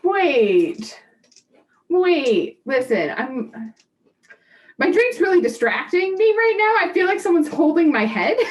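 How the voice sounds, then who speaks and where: A woman playing in a tabletop role-play, chatting in a giggly, animated way and joking often. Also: high-pitched, a little hiss or hum. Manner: giggly, animated, quick to joke. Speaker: player.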